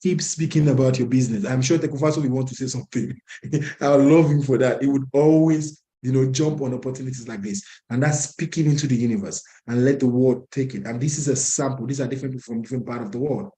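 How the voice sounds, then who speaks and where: A man's voice: medium pitch, fairly even intonation, quick pace, dark tone, low-quality recording. Man preaching to his members on a call, says stuff twice for effect. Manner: preachy, repeats lines for emphasis. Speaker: organization president. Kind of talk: motivational address on a video call.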